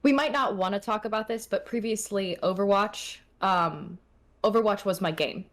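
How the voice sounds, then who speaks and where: A woman's voice: medium pitch, normal speed, fairly bright tone. Chatty young woman streamer. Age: young adult. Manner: chatty, lots of filler words, self-deprecating. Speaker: guest, streamer. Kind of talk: casual interview chat.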